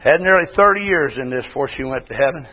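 Man in his sixties, pastor, folksy sermon, shouting bursts, long hall echo. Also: fairly high pitch, animated, fast. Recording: tinny phone-like sound in a long-echo hall.

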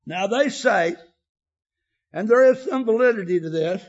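An older man preaching an emotional sermon, often shouting, with a filler 'uh' between phrases. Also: high voice, expressive, measured pace, dull audio.

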